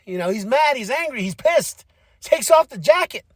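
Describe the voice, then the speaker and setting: Animated man recapping wrestling. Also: very high voice, normal speed, no room sound, studio quality. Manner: animated, acts out quotes in shifting voices. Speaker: podcast host.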